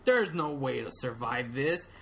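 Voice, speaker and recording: A man's voice: mid-range voice, lively intonation, unhurried, vocal fry, fairly bright tone. A man voicing a stern army general with a clipped, firm delivery, raised above his usual voice. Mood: grim.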